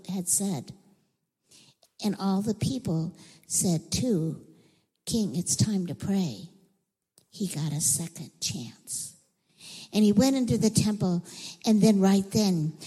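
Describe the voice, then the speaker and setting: Brief: woman teacher, children's Bible story, slow and animated, echoey church hall. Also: mid-range voice. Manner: animated storytelling, acting out voices and whispering for effect.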